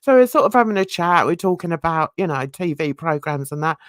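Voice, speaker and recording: A woman's voice: low voice, lively intonation, fairly quick, no echo, clean studio sound. A middle-aged woman, hosting a casual livestream and telling a rambling story with frequent laughter. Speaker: YouTube channel host.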